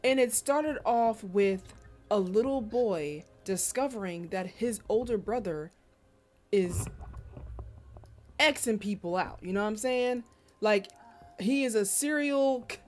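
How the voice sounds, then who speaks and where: In an unhurried, mid-range voice, a woman streamer casually chats and tells stories on a live stream. She keeps it lively and slangy, loudly exclaiming in disbelief.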